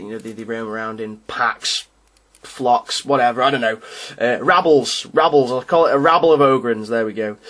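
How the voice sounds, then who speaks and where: A man's voice: mid-range voice, a bit bright. A man casually showing off his hobby miniatures, talking in a rambling, hesitant way with frequent ums and restarts, and with an amused, self-deprecating tone. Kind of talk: casual show-and-tell narration.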